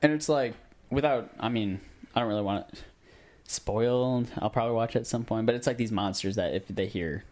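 A man's voice: fairly low pitch, brisk, a little mellow. A man co-hosting a casual podcast, mostly giving short replies and chatty asides. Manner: short backchannels, chatty interjections. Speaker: podcast co-host.

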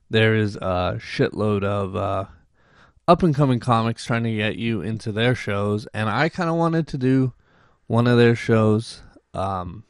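A man's voice: on the low side, clean tone, no echo, clean studio sound. A young Canadian man hosting a podcast, rambling through a casual story with many restarts and acted-out quotes. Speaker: podcast host.

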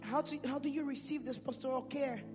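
Male preacher, high voice, slangy, loud-to-quiet swings, big church reverb. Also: steady tone, brisk. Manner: swings between shouting and hushed speech. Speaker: pastor. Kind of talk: sermon. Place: church sanctuary. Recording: reverberant hall with music.

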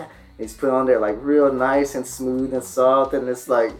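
A man's voice: medium pitch, moderate pace, faint music behind. A man telling funny stories in a casual podcast chat, acting out the people in them. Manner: animated, acts out the people in his stories.

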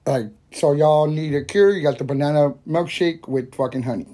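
A young man with a mellow, dark-toned voice hosts a loose, casual podcast. He rambles from thought to thought, swears constantly and breaks into laughter often. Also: fairly high pitch, normal speed. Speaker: podcast host. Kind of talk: casual stoner podcast chat.

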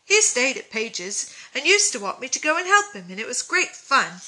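A woman voicing an eager, shy boy with rough country speech, in a storybook reading. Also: sits high, sing-song, moderate pace, sharp tone, exaggerated voice, rough recording. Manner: rustic dropped words, eager.

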